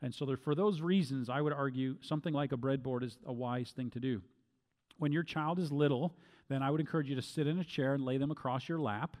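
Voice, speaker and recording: Deliberate man teaching in a reverberant hall. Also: mid-range voice, a little mellow. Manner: deliberate, repeats key phrases for emphasis. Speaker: Bible teacher. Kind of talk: instructional Bible teaching.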